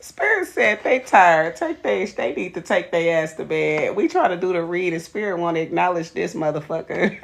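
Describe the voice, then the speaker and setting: A woman's voice: on the low side, lively intonation, normal speed, vocal fry. A woman giving a live tarot reading, blunt and profane, greeting viewers by name. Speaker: tarot reader.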